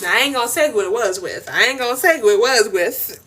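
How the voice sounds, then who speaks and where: A woman's voice: on the high side, expressive, quick pace, a bit bright. A young woman chatting casually on a live stream, giggling, teasing and repeating herself. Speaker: TikTok livestreamer.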